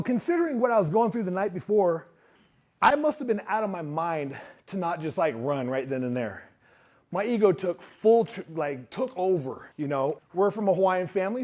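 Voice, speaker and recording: A man giving a motivational talk to a live audience, telling his story in an animated way and acting out what others said. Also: high-pitched. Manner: animated storyteller who acts out quotes. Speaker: speaker.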